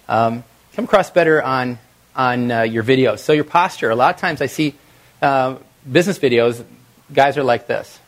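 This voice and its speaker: A middle-aged man giving an energetic coaching talk to a live workshop audience. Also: medium pitch. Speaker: video presentation trainer.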